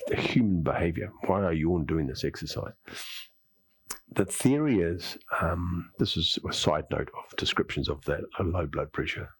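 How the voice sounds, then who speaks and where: A man's voice: low-pitched, breathy edge, no echo. A man teaching a qigong class, guiding breathing and moves, then rambling through his own theories and often saying "yep". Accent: Australian. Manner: rambling, repeats words, says "yep" often. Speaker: qigong instructor. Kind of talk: guided exercise class with talk.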